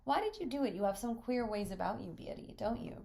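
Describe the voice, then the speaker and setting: A woman reading the lines of a genteel, teasing gentleman in a play. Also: on the high side, very animated, quick pace, vocal fry, voice pushed up. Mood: courteous.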